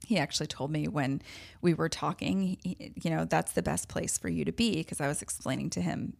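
A woman's voice: low voice, a little fast, creaky, darkish tone. A woman hosting a podcast, telling a personal story in a candid, emotional way with self-deprecating laughs. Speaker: podcast host.

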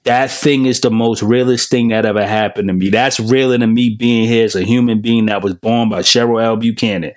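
A man in his forties hosts a podcast and tells his own story straight to his listeners. He builds his points through emphatic repetition with a preacher-like cadence, and his voice sits at an ordinary middle pitch. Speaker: podcast host. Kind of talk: personal testimony to listeners.

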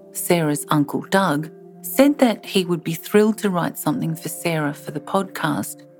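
A woman hosting a documentary podcast, reading scripted narration in a measured, earnest way. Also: fairly low pitch, darkish tone.

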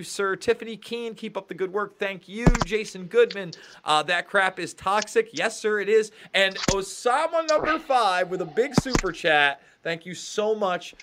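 A man co-hosting a live-stream podcast, briskly reading viewer names and thanks with a joking manner. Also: sits high, background noise. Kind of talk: casual live-stream chat.

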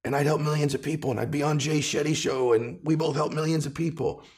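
A man's voice: fairly high pitch, fairly even intonation, quick pace, darkish tone. A man as a podcast guest and author, telling motivational stories emphatically and building to passionate peaks. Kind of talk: motivational storytelling.

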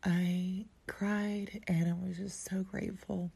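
A woman telling a personal story in an intimate way, often dropping to a breathy near-whisper. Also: medium pitch, level tone, takes it slowly, mellow. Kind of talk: personal story told aloud.

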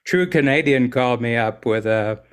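An American man in his own voice, a podcast guest, talking at an ordinary pitch. He wanders through anecdotes, restarts his sentences and chuckles often, in loose conversation. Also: normal speed, smooth. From United States. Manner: rambling storyteller, laughs often, restarts.

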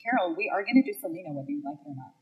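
A woman's voice: fairly low pitch, animated, rapid-fire, slightly rough, phone-quality sound. A woman co-hosting a true crime podcast, switching between casual banter and reading case facts, often laughing and stumbling over names.

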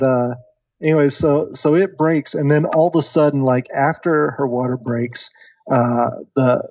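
A man in his thirties casually telling a long story on a podcast, animated and acting out the voices of the people in it. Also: mid-range voice, no echo, dull audio. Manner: animated storyteller, acts out quoted voices, many fillers. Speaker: podcast guest.

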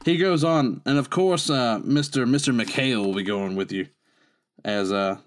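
A man's voice: mid-range voice, normal speed. A man running a tabletop role-play game as game master, narrating in a laid-back way.

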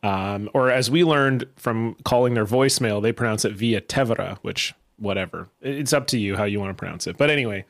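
A man's voice: lowish voice, fairly quick, hardly any pauses. A man telling an exasperated, wry anecdote in casual podcast chat.

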